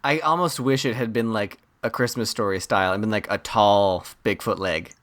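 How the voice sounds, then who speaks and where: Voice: medium pitch, steady tone, moderate pace, a bit bright. A podcast co-host in a casual film chat, talking in long emphatic runs with acted-out asides.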